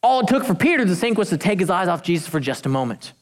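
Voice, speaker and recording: A woman preaching a sermon, animated and emphatic, with jokey asides and slowed-down key phrases. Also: on the low side, big-room sound.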